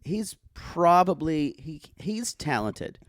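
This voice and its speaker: A man from South Carolina, co-hosting a podcast in casual, catty chat and jumping into high voices when quoting people. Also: sing-song, slow. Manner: catty, theatrical, jumps into high-pitched voices for quotes. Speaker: podcast co-host.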